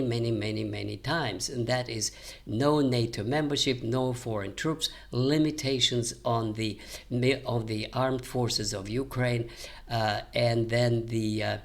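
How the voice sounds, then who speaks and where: An older man, a retired historian, giving unscripted commentary in a measured lecturing manner with frequent hesitations. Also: medium pitch. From American. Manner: measured, many "uh" fillers, lecturing.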